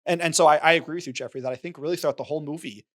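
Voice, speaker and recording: A man's voice: a little high, racing. A man co-hosting a podcast, talking casually about a film and acting out lines from its scenes. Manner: animated, retells scenes with quoted lines. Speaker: podcast co-host.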